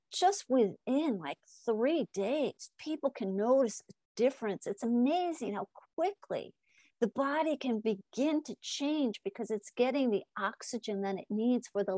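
A middle-aged woman speaking as a hypnotist guest in a podcast interview. She tells animated stories, acts out both sides of conversations and keeps asking "right?". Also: a little high, dry recording. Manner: animated storyteller acting out dialogue, frequent "right?".

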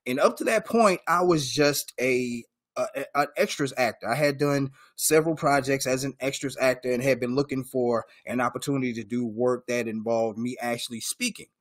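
A man from Georgia hosts the interview in a chatty, friendly way, dropping "man" at the end of his sentences. His voice sits at a middle pitch. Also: moderate pace. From Georgia, USA. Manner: friendly, says "man" often, hype-style introductions. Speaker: host. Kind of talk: casual interview talk.

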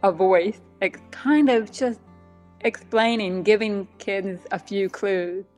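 A woman talks in a relaxed interview, her deaf accent shaping some sounds a little differently. Her voice sits at an ordinary middle pitch, and she chats freely, often laughing at herself. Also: slow, faint music behind. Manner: chatty, laughs often, self-deprecating asides. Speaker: guest author. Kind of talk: casual interview chat.

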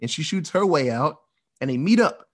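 A man casually recapping a movie plot, animated and profane, acting out the characters' lines as he goes. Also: a little high, normal speed.

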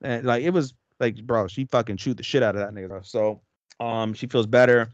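A man's voice: medium pitch, a little fast, dull audio. A young man in a casual podcast chat, retelling an anime plot in a loose, rambling way, full of swearing and filler words. His voice sits in a middle register. The sound is dry and close, with no room echo. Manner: rambling, profane plot recap with many fillers. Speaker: podcast co-host.

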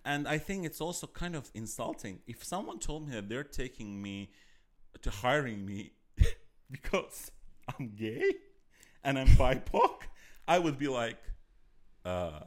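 Animated laughing man from Azerbaijan. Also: medium pitch, a little slow. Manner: laughs often, animated storytelling. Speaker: comedian guest. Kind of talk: casual podcast chat.

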